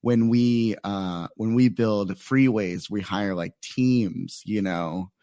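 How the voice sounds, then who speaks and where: A man's voice: fairly low pitch, slow pace, warm tone, dry recording, studio quality. A young adult man from Phoenix, a stand-up comedian telling a story in casual chat, rambling with many fillers. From Phoenix, Arizona. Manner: rambling, lots of "like" fillers and quoted asides.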